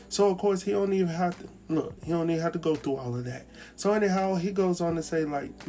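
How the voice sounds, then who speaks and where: A man's voice: a little high, fast talker, hardly any pauses, soft background music. Chatty man recapping a TV episode. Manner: chatty, animated, acts out characters' lines. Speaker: TV recap host. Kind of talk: casual recap commentary.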